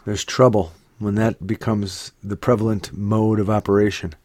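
Halting man in a dry room. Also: on the low side, little pitch movement, darkish tone, dry recording. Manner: halting, with uh and repeated words. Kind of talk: casual conversation.

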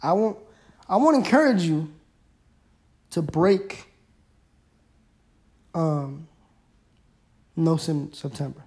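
Slow, laid-back young man podcasting. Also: on the high side, sing-song, a little mellow. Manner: rambling, laid-back slang. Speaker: podcast host. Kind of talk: casual solo podcast chat.

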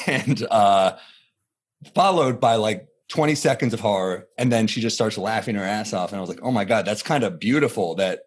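A man in his thirties, a comedian, chatting in an interview and telling animated stories, acting out quotes in a higher voice. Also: moderate pace, slightly rough. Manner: animated storytelling, acts out quotes with jumps in pitch. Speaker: comedian guest. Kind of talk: casual interview chat.

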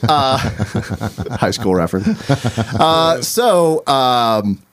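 Animated storytelling man, lively pitch. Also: extremely slow, slight background noise. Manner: animated storyteller, puts on voices and laughs often. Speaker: podcast host. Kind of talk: casual chat.

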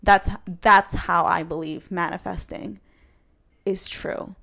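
A woman's voice: fairly low pitch, fairly even intonation, slow, vocal fry, fairly bright tone. A young woman hosting a casual solo podcast from her bedroom, rambling and chatty with plenty of fillers and laughs. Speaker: podcast host.

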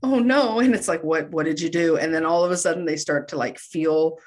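A woman's voice: low-pitched, little pitch movement, fairly quick, darkish tone. Chatty laughing woman recapping a film. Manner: chatty, laughing, many fillers and restarts. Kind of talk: casual movie recap chat.

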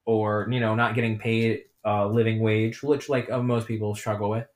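A man's voice: fairly low pitch, flat delivery, normal speed. A young man co-hosting a casual podcast, playful and jokey, talking about doing voices. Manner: playful, jokey, often jumps into silly voices. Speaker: podcast co-host.

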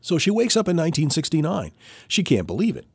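A man's voice: on the high side, quick pace, creaky, breathy edge, no echo. A man co-hosting a podcast, telling a story in casual chat and acting out the quotes. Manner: animated, acts out quoted voices. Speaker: podcast co-host.

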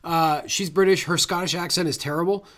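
A man with a somewhat high voice chats casually on a film podcast. He recaps scenes in a loose, rambling way, full of fillers and the occasional swear word. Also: fairly even intonation, brisk, fairly bright tone. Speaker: podcast co-host.

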